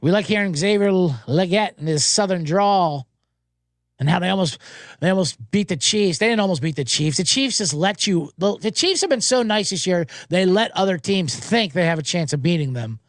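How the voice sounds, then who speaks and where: A man's voice: high voice, expressive, normal speed, no echo, clean studio sound. A man hosting a sports betting show, recapping games in a rambling, profane, joking way and slipping into mocking voices.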